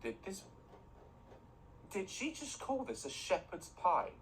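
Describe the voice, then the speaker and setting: A man's voice: high voice, huge pitch swings, slow, slight background noise, poor audio. A man streaming a game, giving mocking, exasperated commentary. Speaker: gaming streamer. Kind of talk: sarcastic reaction commentary.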